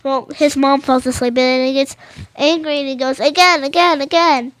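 A woman's voice: high voice, flat delivery, a little fast, no room sound. A woman reading children's picture books aloud, stumbling over and rereading phrases and adding casual comments of her own.

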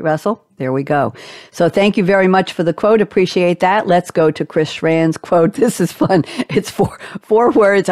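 A woman hosting a panel discussion, chatting playfully and reading quotes with animated emphasis. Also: low voice, no room sound, clean studio sound. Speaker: host. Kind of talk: casual panel chat.

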